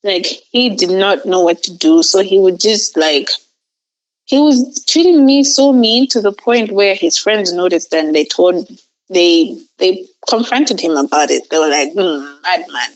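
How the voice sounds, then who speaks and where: A woman's voice: mid-range voice, expressive, a little slow, poor audio. Rambling young woman telling a story. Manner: rambling, many "like" fillers. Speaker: guest. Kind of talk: casual storytelling.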